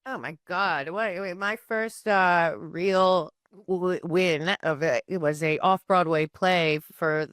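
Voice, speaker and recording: A woman's voice: lowish voice, slow pace, a bit bright, smooth, no echo, clean studio sound. A woman speaking as a podcast guest, earnest in a casual conversation, often restarting her sentences.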